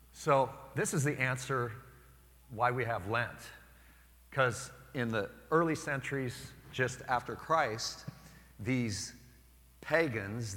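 A priest in his forties preaches a homily and tells personal stories, jumping into lively voices when he quotes people. His tone is bright and forceful. The sound rings with the long reverb of a church. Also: medium pitch. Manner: storytelling, animated when quoting others. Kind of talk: sermon.

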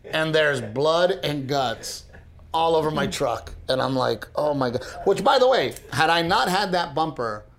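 A man with a fairly high voice tells a story on a casual podcast. He gets animated and speeds up as the story heats up, tripping over his own restarts. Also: unhurried, vocal fry. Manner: animated, speeds up when excited, many restarts. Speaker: podcast co-host.

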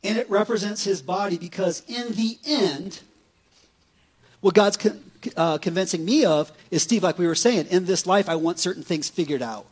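A male pastor preaching a sermon in a conversational, animated way, often checking in with his listeners. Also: high voice, normal speed, breathy edge. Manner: conversational, animated preaching with frequent "right?" asides.

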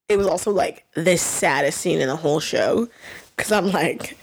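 A young woman co-hosting a podcast, talking casually about a TV episode, excitable and emotional, with lots of "like" fillers. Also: sits low, moderate pace, creaky, slightly rough. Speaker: podcast co-host.

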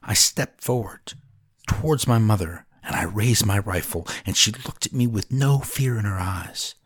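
A man with a deep, husky voice narrates a dramatic story solemnly and deliberately, sometimes sinking to a whisper. The recording is close and dry, with no room sound. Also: no echo.

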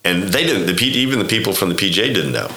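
Man, 50s, from Oklahoma. Very low, bright-toned voice; rambling raconteur who acts out dialogue. Echoey room. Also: very animated, rapid-fire, slight background noise. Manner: rambling, acts out quoted dialogue, frequent restarts. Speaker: golf club director, podcast guest. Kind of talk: casual storytelling interview.

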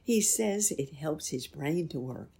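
A woman voicing a frightened, tearful giantess in a storybook, speaking in a hushed half-whisper. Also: sits low, expressive, a little slow, gravelly, husky, exaggerated voice. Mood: fearful.

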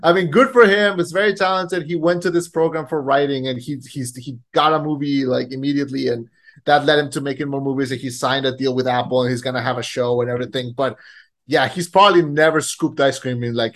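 A man co-hosting a casual film-review podcast, rambling and joking with halting restarts. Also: mid-range voice, fairly even intonation, a bit bright. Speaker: podcast co-host.

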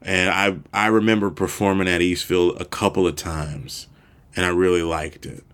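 A man with a very deep voice talks through his week on his solo podcast. He rambles loosely, laughs easily and drops the odd curse in easy conversation. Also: steady tone, moderate pace, fairly bright tone. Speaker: podcast host. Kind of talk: casual solo podcast chat.

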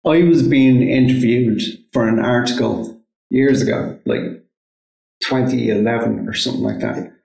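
Gravelly-voiced Irish man, blunt and sweary. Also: mid-range voice, animated, normal speed, darkish tone. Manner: blunt, swears freely, insistent. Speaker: podcast co-host. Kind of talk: casual chat. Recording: echoey room.

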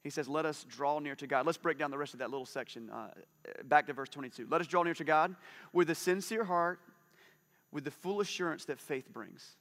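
A man in his forties delivering a church sermon in a relaxed, conversational way. His voice sits a little high and rings bright and forceful. He swings between lively, animated stretches and quiet, hushed asides. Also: a little fast. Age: 40s. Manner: conversational, animated, drops to a soft hush for intimate moments. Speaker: pastor.

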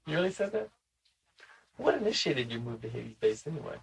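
A man's voice: fairly high pitch, sing-song, a little fast, creaky, rough recording. A man in casual conversation who asks a lot of curious questions and laughs easily.

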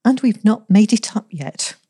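A woman's voice: medium pitch, animated, unhurried, warm tone, slightly rough, no echo, studio quality, pitched above the performer's own voice. A woman voicing a tearful, petulant young office girl who pleads and whines. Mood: wailing. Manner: whiny, pleading, breathless.

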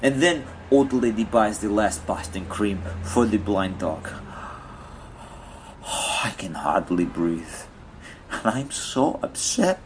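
Guy doing a fake russian accent, upset whiny dude ranting in broken english, pitch way up and jumping all over. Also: lively intonation, slow pace, noisy background. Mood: distraught. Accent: put-on Russian. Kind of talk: comedic character monologue.

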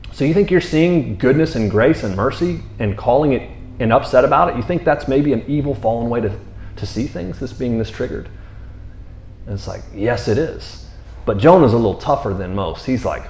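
A man's voice: mid-range voice, expressive, a little fast, a little hiss or hum. A man teaching from the Bible in an earnest, rambling conversational sermon, repeating words and often checking in with his listeners. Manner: earnest, rambling, repeats words, often asks "you know what I mean?". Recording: roomy echo.

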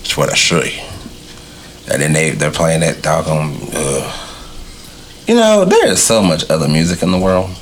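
A man in casual podcast chat, telling stories in a blunt, profane, animated way. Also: very deep voice, moderate pace, pauses often, a little hiss or hum. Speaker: podcast co-host.

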